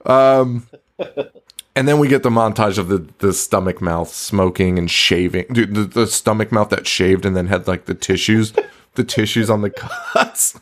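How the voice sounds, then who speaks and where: A man's voice: fairly low pitch, unhurried. A man co-hosting a podcast, casually recapping a movie in a rambling, profane way, stumbling over words and laughing often. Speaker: podcast co-host.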